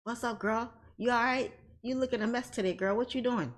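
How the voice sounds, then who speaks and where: A woman's voice: fairly high pitch, fairly quick, pitched above the performer's own voice, lightly acted. Woman putting on a nosy, teasing girlfriend. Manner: teasing, familiar. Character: teasing female chat viewer, nosy and familiar.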